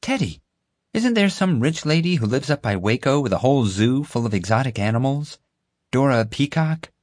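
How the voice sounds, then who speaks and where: A man's voice: medium pitch, sing-song, normal speed, no room sound, studio quality, voice pushed up. A man voicing an outspoken, indignant girl in an audiobook. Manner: sharp, indignant. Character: girl, outspoken and quick to accuse.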